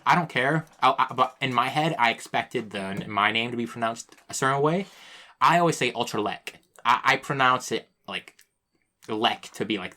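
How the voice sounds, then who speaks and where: A man's voice: medium pitch, pushed and bright. A young man co-hosting a casual podcast, laughing often and joking crudely with stammered restarts. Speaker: podcast co-host. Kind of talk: casual chat.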